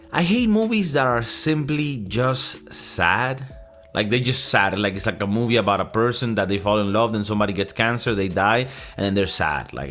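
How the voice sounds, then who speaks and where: A man's voice: mid-range voice, fairly bright tone. Man, podcast host, casual chat, mid-range voice, rambling, lots of fillers, swears, laughs. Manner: rambling, thinking aloud with many fillers and restarts; swears freely and laughs often. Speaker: podcast host reviewing a movie.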